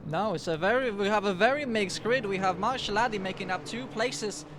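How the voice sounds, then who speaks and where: A man co-commentating a sim race live, giving steady analysis of positions and battles. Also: high voice, brisk, noisy background. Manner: steady analytical, opens turns with "indeed".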